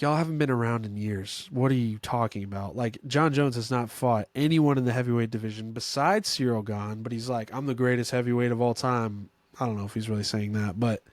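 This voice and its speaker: Rambling, excitable man talking fights. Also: mid-range voice, no echo. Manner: rambling, self-correcting, filler-heavy; excitable bursts of enthusiasm. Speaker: podcast host. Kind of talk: casual solo sports chat.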